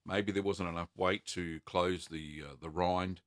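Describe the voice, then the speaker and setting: A man with a low voice hosts a relaxed live-stream Q&A, answering viewer questions in an easygoing, rambling way with frequent ums and uhs. He sits close to the mic, and the sound is dry with no room echo. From Australia. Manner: chatty and unhurried, many ums and uhs.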